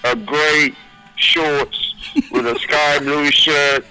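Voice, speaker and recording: A man's voice: on the high side, wildly swooping pitch, drawn-out words, vocal fry, pushed and bright, clear, resonant tone, soft background music, poor audio. A man in his fifties with a Jamaican accent, a guest chatting on the radio with playful rhyming wordplay and patois. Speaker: guest, reggae artist. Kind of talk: casual radio chat.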